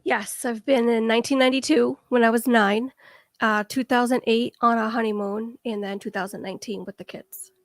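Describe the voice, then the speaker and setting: A woman's voice: fairly high pitch, fairly even intonation, fairly quick, dry recording, clean studio sound. A woman in her thirties from the Boston area with a thick Boston accent, chatting cheerfully as a guest. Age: 30s. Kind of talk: casual interview chat.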